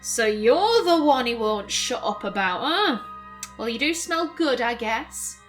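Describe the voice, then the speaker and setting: A woman's voice: a little high, animated, measured pace, a bit bright, faint music behind. A woman voicing a small, playful female vampire girl with a Northern English accent, teasing and offhand.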